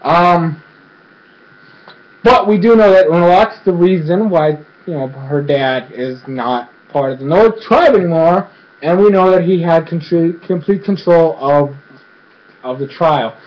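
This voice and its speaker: A man giving an excited, rambling casual recap as a show reviewer, filling his speech with "freaking" and "like". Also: fairly high pitch, unhurried. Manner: rambling, excitable, fills speech with 'freaking' and 'like'. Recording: dull lo-fi recording.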